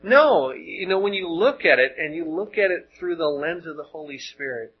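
Husky-voiced man preaching conversationally. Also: fairly high pitch, moderate pace, phone-quality sound. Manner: conversational, rhetorical questions, frequent word repeats. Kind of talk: sermon.

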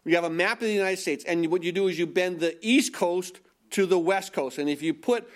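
A man preaching a sermon, reading scripture slowly and building his points to emphatic crescendos with shifting pace. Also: high voice. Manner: reads scripture slowly and deliberately.

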